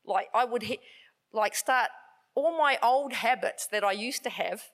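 A woman's voice: a little high, unhurried, fairly bright tone. Upbeat New Zealand woman preaching. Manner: chatty and upbeat, full of fillers like "like". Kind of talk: sermon.

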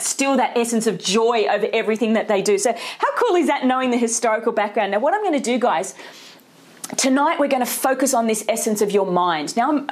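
A middle-aged woman, preaching a lively, conversational sermon full of rhetorical questions. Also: fairly high pitch. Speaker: pastor.

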